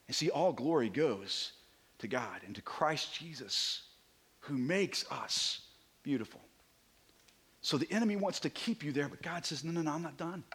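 Animated male preacher, slightly high voice. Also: a little slow, husky. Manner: animated, dropping to near-whispers for emphasis. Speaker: guest preacher. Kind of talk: sermon.

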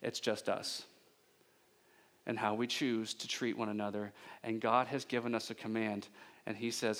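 A male pastor delivering a conversational sermon, self-deprecating and joking at times, his voice rising higher and louder when he gets animated. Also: moderate pace.

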